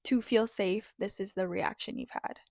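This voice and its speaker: A woman giving a reflective, motivational self-help talk in an earnest, heartfelt way, pausing often between phrases. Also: mid-range voice, wildly swooping pitch, a little mellow, dry recording, clean studio sound. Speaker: spiritual self-help speaker.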